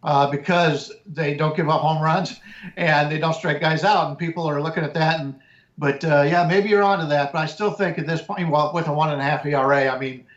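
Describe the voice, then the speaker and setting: A man, a sports handicapper, giving measured betting analysis and often restarting his words. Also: on the high side, fairly even intonation, echoey room, muffled recording.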